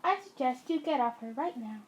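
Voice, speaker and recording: A woman voicing a cold, calm teenage boy holding a pistol, speaking in a flat monotone. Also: high voice, normal speed, lo-fi sound.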